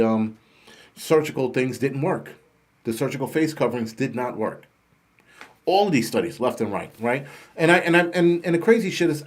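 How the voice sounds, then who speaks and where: With a medium pitch and darkish tone, a middle-aged man on his own channel tells a story straight to camera as a profane rant, blunt and heated throughout.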